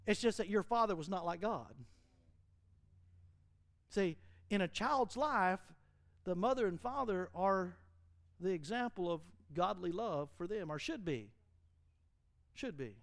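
A middle-aged male pastor preaching an animated sermon in a church, mimicking fiery preachers and laughing at his own jokes. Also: sits high, a little slow, long pauses, dry recording, studio quality.

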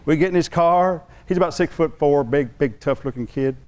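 Man, pastor, sermon, animated storytelling, slightly high pitch. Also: normal speed. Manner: storytelling, animated, acts out quoted voices.

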